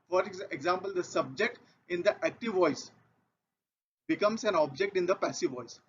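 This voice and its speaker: Methodical Indian English male teacher, high voice, dull lo-fi recording, repeats rules for learners. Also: a little hiss or hum. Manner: methodical, repeats key points. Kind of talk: grammar lesson. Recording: dull lo-fi audio.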